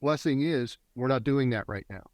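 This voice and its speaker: A middle-aged man speaks in an even mid-range voice, recorded dry and close. He talks like a seasoned facilitator, earnest and instructive. His pace runs fast through ideas and then slows to stress them. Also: medium pitch, no room sound. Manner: earnest, teaching tone that speeds up and slows down. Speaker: guest, men's work facilitator. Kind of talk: reflective interview talk. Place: a warm, quiet spot with a generator running nearby.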